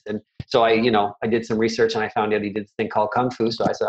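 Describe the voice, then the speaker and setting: A man's voice: fairly low pitch, flat delivery, racing, few pauses. Rambling middle-aged man, dull audio. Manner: rambling, self-deprecating storyteller with many restarts. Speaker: martial arts instructor, guest. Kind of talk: casual interview chat.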